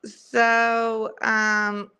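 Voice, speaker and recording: Young Southern woman host, bright clear voice, unhurried casual livestream chat. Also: fairly high pitch, monotone. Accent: strong Southern US. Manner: chatty, greets viewers by name.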